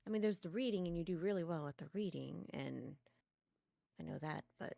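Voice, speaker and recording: A woman's voice: fairly low pitch, fairly quick, creaky, warm tone, no echo, clean studio sound. A woman playing in a tabletop game, rambling and talking about her character in the third person. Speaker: player. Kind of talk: casual tabletop role-play.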